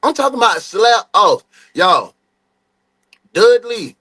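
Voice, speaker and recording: A young man hosting a live true crime stream, greeting chat viewers by name in a lively, animated way. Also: high voice, slow, breathy edge.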